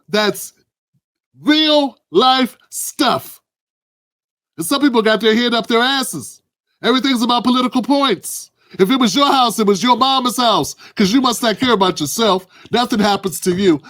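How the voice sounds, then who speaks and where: A man's voice: very high voice, a bit bright. A man hosting heated political commentary, blunt and emphatic with profanity.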